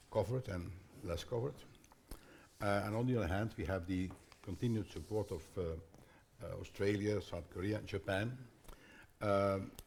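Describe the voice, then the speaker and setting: An older man moderating a conference panel in a halting way, with frequent fillers and restarts. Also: low voice, a little mellow, a little hiss or hum.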